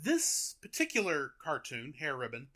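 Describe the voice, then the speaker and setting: Animated, bright-voiced male podcast host. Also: a little high, moderate pace. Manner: animated, chatty storyteller. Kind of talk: casual chat, retelling a cartoon.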